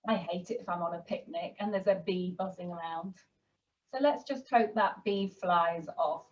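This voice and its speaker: A woman teaching a children's yoga class and giving gentle, encouraging instructions to young kids. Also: on the low side, normal speed, recorded from a distance, lo-fi sound. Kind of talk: guiding a kids' yoga class.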